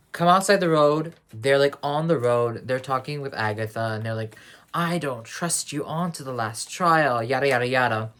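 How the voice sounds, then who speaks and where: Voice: medium pitch, a bit bright. A speaker giving a casual spoiler review of a TV finale, rambling and slangy, often correcting and restarting mid-sentence. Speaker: TV series reviewer.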